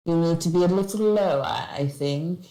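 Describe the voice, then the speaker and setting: Tired tipsy woman streamer, low and slow, roomy echo. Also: warm tone. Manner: drowsy, tipsy, rambling with sing-song humming. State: tired and slightly drunk. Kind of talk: casual chat.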